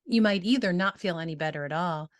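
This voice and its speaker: A woman's voice: lowish voice, fast talker. A woman with a Northern American accent hosting a podcast, encouraging and affirming in casual chat. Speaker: podcast host.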